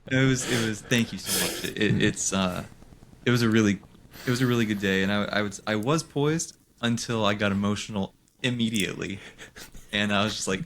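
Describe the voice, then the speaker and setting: A man with a deep voice and some gravel in it talks on a podcast. He sounds earnest, stops and restarts as he searches for words, and speaks in a casual, conversational way. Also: brisk, a bit bright, a little hiss or hum. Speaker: podcast co-host. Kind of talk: casual chat.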